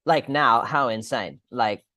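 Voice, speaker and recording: A man's voice: mid-range voice, slow, pushed and bright, dry recording. A man with an Australian accent, a podcast guest chatting casually over a call, rambling and swearing as he restarts his sentences.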